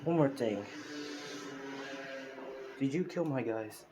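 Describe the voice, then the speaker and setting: A man voicing a menacing male loan shark boss, delivering the threats in a flat, offhand way. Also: medium pitch, slow, noisy background, voice pushed up. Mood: threatening.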